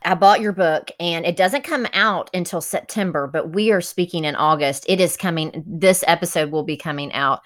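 A woman's voice: fairly low pitch, normal speed, hardly any pauses. Enthusiastic woman podcast host. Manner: warm, enthusiastic questioning. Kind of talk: podcast interview.

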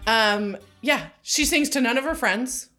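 A woman's voice: fairly high pitch, unhurried, music in the background. A woman co-hosting a casual TV recap podcast, narrating the episode's plot and laughing often. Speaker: podcast co-host.

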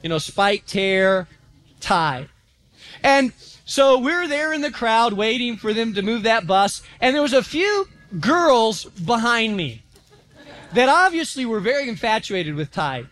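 A pastor preaching a sermon in a church, telling stories with animation and acting out quotes. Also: male voice, extremely high pitch, unhurried. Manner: animated storytelling, acts out quotes.

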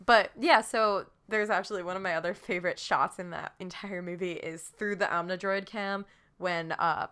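Woman co-host, laughs a lot, animated movie chat. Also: lowish voice, moderate pace, smooth. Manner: giggly, animated. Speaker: podcast co-host.

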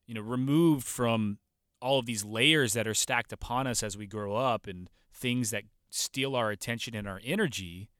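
Bright, dry-voiced male podcast host. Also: mid-range voice, normal speed, clean tone, dry recording. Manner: warm, animated, loose and profane, mimics voices in anecdotes. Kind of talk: casual storytelling monologue.

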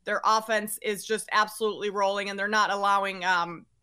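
Female betting analyst guest, bright and punchy, self-mocking confidence. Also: mid-range voice, steady tone, brisk, smooth. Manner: confident, joking about herself. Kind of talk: casual sports betting chat.

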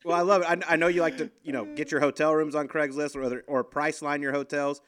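A man hosting a casual podcast chat, upbeat and animated as he tells stories. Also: a little high, fast. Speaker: podcast host.

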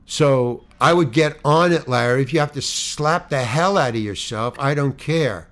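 A dour, gruff older film director, as a man puts him on, with a slightly lowered voice. He speaks in short, curt lines and grows impatient when he is kept waiting. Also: moderate pace, natural voice. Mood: blunt.

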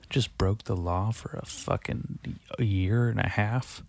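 This podcast host is a young man in his twenties, delivering a late-night solo monologue from a darkened room glowing with Halloween lights. His lowish, gravelly voice is a little mellow and moves slowly as he rambles and confesses, swearing often and padding everything with fillers. There's no room sound.

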